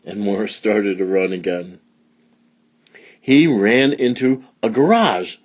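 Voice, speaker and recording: A man reading a children's story aloud in an expressive read-along style. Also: lowish voice, slow pace, long pauses. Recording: dull lo-fi recording.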